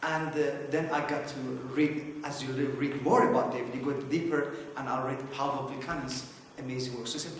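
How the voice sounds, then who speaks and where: A man's voice: medium pitch, steady tone, brisk, hardly any pauses, a little hiss or hum. Rambling man in an echoey hall. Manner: rambling, anecdotal, many fillers and restarts. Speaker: conference speaker. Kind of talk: informal opening remarks. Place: conference hall. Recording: echoey hall, distant mic.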